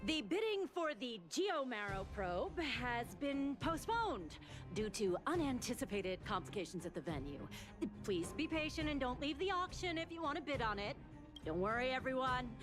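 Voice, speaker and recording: Formal auctioneer lady, high lively voice, game music behind. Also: moderate pace. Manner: formal, announcing. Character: polished female auctioneer.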